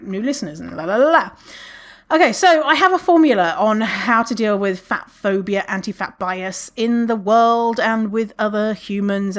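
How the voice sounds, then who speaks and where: A woman hosting a podcast alone, chatting casually, swearing freely and laughing often, with many restarts. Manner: animated, lots of restarts, acts out quotes in a higher voice. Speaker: podcast host. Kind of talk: casual solo podcast talk.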